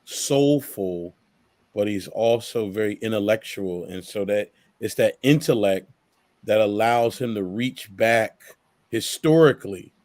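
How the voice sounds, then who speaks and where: A man speaks as a guest and a parent, choosing his words with measured care. His voice is fairly low and sounds dry and close to the mic. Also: darkish tone, no echo. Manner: thoughtful, measured. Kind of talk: casual interview chat.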